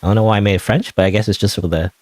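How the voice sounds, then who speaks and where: A man's voice: lowish voice, steady tone, rapid-fire, a little mellow, slight background noise. A man casually commenting on a game while streaming, rambling and often unsure of himself. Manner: rambling, unsure, self-questioning.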